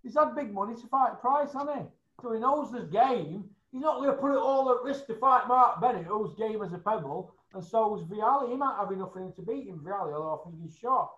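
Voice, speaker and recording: High-pitched bloke ranting, swears loads, keeps going "hasn't he?", roomy kinda dull recording. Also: animated, a little fast, few pauses, fairly bright tone. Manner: blunt, sweary ranting with tag questions. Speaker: show regular. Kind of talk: casual boxing chat. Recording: roomy, slightly dull sound.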